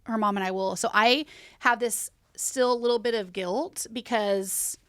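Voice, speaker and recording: A woman's voice: fairly high pitch, steady tone, unhurried, fairly bright tone, clear, resonant tone, no room sound, clean studio sound. A woman in her thirties, a podcast guest, giving a plain-spoken, grieving account with heavy sighs.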